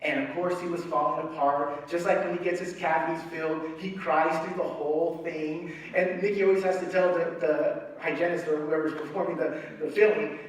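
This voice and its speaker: A middle-aged man preaching a sermon, telling a family story with lively acted-out voices. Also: high-pitched, fairly quick. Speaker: pastor. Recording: echoey hall, speaker far from mic.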